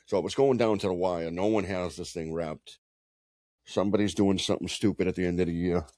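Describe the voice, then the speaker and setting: Low-voiced dude on a sports podcast, dry close mic, swears a lot and rambles through stories. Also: male voice, fairly even intonation, a little fast, mellow, no echo. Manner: loose, swearing, joking storyteller. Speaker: podcast co-host. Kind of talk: casual sports banter.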